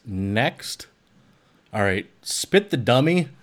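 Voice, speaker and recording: Male podcast host, mid-pitched, joking casual chat. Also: sing-song. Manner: joking, quick to laugh.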